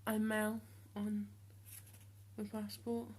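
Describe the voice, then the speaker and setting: A seventeen-year-old young man talking casually to the camera in a vlog, hesitant with many ums and restarts, speaking in a voice he has deliberately trained lower. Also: completely flat delivery, background noise. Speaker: vlogger.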